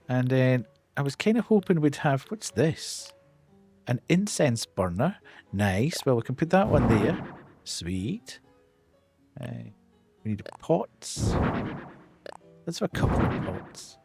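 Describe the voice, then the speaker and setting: A man's voice: medium pitch, a little mellow. A man chatting casually as he streams a game, muttering to himself as he plays.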